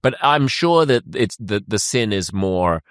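A man's voice: fairly low pitch, a little slow, clean tone, dry recording, clean studio sound. An Australian man chatting casually, telling wry stories with lots of fillers and asides. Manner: wry, animated storytelling with frequent fillers. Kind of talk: casual chat.

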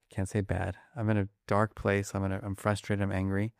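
Gravelly, fast-talking man being interviewed. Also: fairly low pitch, no room sound, studio quality. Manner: animated, fast-talking, acts out examples. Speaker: guest, emotion researcher. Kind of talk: conversational interview.

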